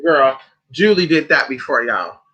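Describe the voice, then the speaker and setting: A man's voice: unhurried, breathy edge, muffled recording. A man livestreaming as a spiritual advisor, chatting casually and sassily with viewers, calling them honey and girl. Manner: animated storyteller with big pitch swings.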